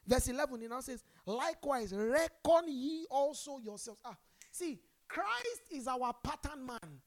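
A Nigerian woman preaching a sermon, calling on the congregation to respond and swinging between loud emphasis and quiet asides. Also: high-pitched, lively intonation, a little slow. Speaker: pastor.

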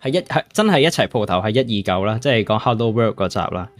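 A man's voice: on the low side, animated, quick pace, dry recording, soft background music. A man hosting a podcast, joking around in casual chat. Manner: joking, mock Australian slang, switching between languages. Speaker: podcast host.

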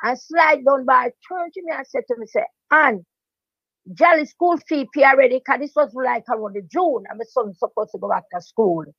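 Guesting in a storytelling interview, an older veteran dancehall DJ speaks rapid patois in a heavy Jamaican accent, repeating her point emphatically. Her voice is high-pitched, and the recording is dry and somewhat dull.

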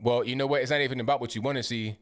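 A man's voice: mid-range voice, fairly even intonation, very fast. Man reacting bluntly to viewer comments. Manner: reads comments aloud, then reacts with blunt rhetorical questions; conversational, with repeated words and slang. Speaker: livestream host reading viewer comments. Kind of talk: casual political commentary.

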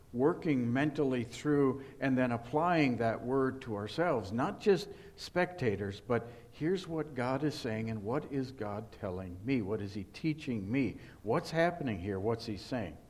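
A man's voice: mid-range voice, a little mellow. A male pastor preaching an earnest sermon and putting rhetorical questions to his congregation.

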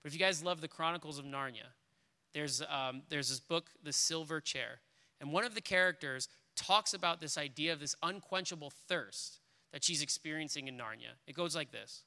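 A man's voice: a little high, normal speed, pushed and bright. A man preaching a sermon as pastor, earnest and reading scripture and a story aloud with frequent restarts. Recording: reverberant hall.

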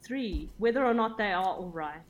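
A woman playing a tabletop game, speaking earnestly and deliberately. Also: mid-range voice, lively intonation, lo-fi sound. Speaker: player.

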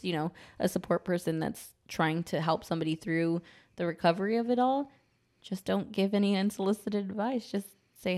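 A woman's voice: on the low side, a little mellow. Candid laughing woman podcaster. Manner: candid, laughing, quick repeated phrases with frequent "right?". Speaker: podcast co-host. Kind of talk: casual chat.

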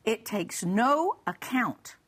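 Animated woman telling a funny story. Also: fairly high pitch, slow pace, husky. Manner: lively storytelling, acting out dialogue; humorous, laughs while telling. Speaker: guest speaker. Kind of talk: personal testimony on a Christian broadcast.

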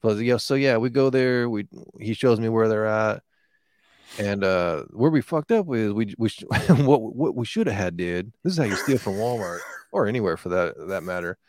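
A man's voice: on the low side, animated, moderate pace, a little mellow, no room sound, clean studio sound. A man in casual chat, telling a rambling, profane story with lots of fillers.

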